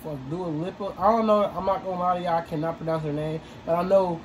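A man's voice: high-pitched, steady tone, fast, far from the mic, a little hiss or hum, low-quality recording. A man hosting a reaction video in a laid-back, profane casual chat, stumbling over words as he goes. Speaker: host. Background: music.

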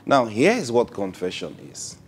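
A man preaching a sermon, opening with prayer and acting out little dialogues, swinging from soft to loud. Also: medium pitch, sing-song, moderate pace, husky, soft background music.

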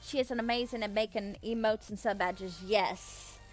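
A woman's voice: medium pitch, steady tone, normal speed, music in the background. A young adult woman chatting casually with viewers on a live stream, bubbly and giggly, thanking them effusively. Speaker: livestreamer.

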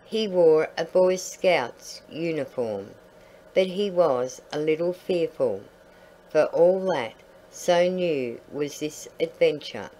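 Slow low-voiced woman reading a story. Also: lively intonation, mellow, slight background noise, poor audio.

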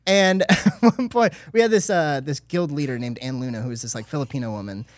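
A man's voice: mid-range voice, brisk, no room sound. A man in his thirties, a podcast guest, telling stories in a casual chat with bursts of laughter. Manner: animated, laughing storyteller.

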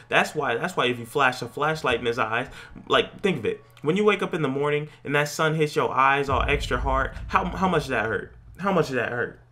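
Young man yelling through horror game commentary. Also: a little high. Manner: joking slangy banter, yelps at jump scares. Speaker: gaming YouTuber.

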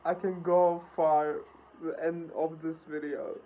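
A woman with hosting a music video reaction, gasping, laughing and swearing excitedly. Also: deep voice, slow, dull audio.

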